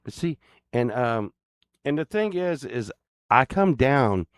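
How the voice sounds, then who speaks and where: A man's voice: mid-range voice, big pitch swings, takes it slowly, smooth, no echo, clean studio sound. A man hosting his own channel, talking casually to viewers in a rambling, crude, joking way. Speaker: channel host.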